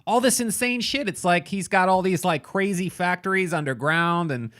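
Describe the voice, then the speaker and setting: Enthusiastic rambling man, slightly high voice. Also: moderate pace, a bit bright. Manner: enthusiastic, rambling, filler-heavy. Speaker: podcast co-host. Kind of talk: casual chat.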